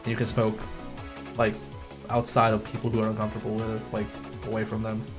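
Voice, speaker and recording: Male gaming streamer, lowish voice, casual and profane, game music loud underneath. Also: completely flat delivery, brisk. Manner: chatty, swears freely, acts out voices in retelling. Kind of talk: casual chat while playing. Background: loud game music and car sounds.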